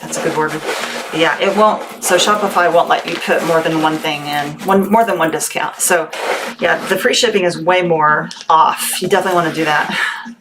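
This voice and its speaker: A woman's voice: low-pitched, normal speed. A woman hosting a casual livestream, chatting with viewers and reading their comments aloud. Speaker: livestream seller host. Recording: noisy livestream audio.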